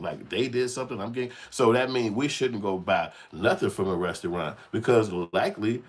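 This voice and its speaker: A man's voice: medium pitch, breathy edge. Guy ranting on his channel, cusses a lot, heated and blunt, does little voices of people. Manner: acts out voices of others. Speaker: channel host. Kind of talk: unscripted commentary rant.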